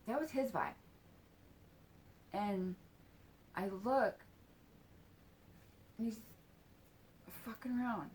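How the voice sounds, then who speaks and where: A woman's voice: on the high side, extremely slow, long pauses, darkish tone, slight background noise. Rambling, swearing woman in her forties. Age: 40s. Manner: rambling, lots of fillers and swearing. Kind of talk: casual storytelling.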